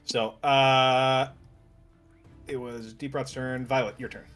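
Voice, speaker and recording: A man running a tabletop game as game master, narrating the action in a lively way and laughing often. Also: mid-range voice, slow pace, soft background music.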